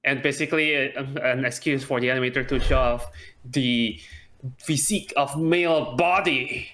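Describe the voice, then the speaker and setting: Man, mid-pitched voice, podcast co-host, casual chat, dry wry remarks. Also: steady tone, moderate pace, pushed and bright, slight background noise.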